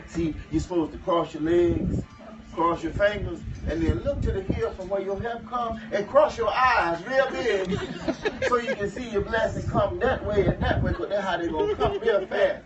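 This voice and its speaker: A wry, folksy enslaved man in his thirties spins a funny tale in dialect speech, chuckling as he goes, as a man acts him out. His voice sits high for a man. It comes from far off, dull and muffled with noise behind. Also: natural voice. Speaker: living history performer. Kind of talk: first-person historical storytelling to a live audience. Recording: muffled, distant, noisy live recording.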